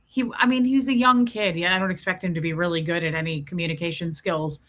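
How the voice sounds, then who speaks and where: A woman's voice: fairly low pitch, steady tone, fast talker, a bit bright. A woman hosting a casual livestream, chatting and greeting viewers by name as she tells a story. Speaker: livestream host.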